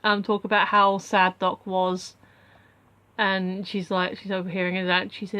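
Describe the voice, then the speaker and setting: A woman's voice: medium pitch, flat delivery, unhurried, sharp tone, lo-fi sound. A young woman casually recapping a film as a reviewer, rambling with many asides.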